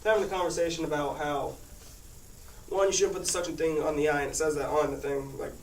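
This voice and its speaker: Speaking quickly in a steady, slightly high male voice, a teenage boy rambles through a casual personal anecdote for his class and laughs a lot along the way. The audio is noisy and echoey, with the microphone set far off.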